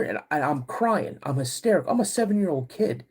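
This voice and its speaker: Husky male storyteller. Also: fairly high pitch, animated, darkish tone. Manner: halting, vivid retelling with restarts. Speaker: podcast host. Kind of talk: first-person storytelling.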